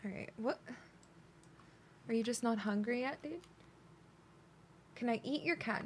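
A woman's voice: a little high, measured pace, pauses often, a little hiss or hum. A young woman streaming a video game at home, chatting playfully with her pet and her viewers and joking with mock aggression. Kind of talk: casual gameplay commentary.

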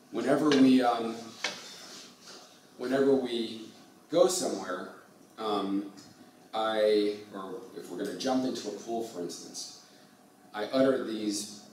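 A man giving a university lecture, speaking slowly and often mixing in halting Russian with many fillers. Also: fairly low pitch, darkish tone, a little hiss or hum. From United States. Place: lecture hall. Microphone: far from the mic. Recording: distant echoey lecture hall.

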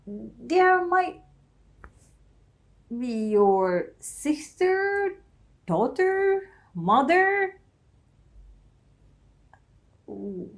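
A Malaysian woman with a Malaysian English accent hosting a reaction video, talking in an earnest, emotional, halting way with frequent restarts. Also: high voice, very animated. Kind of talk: reaction commentary.

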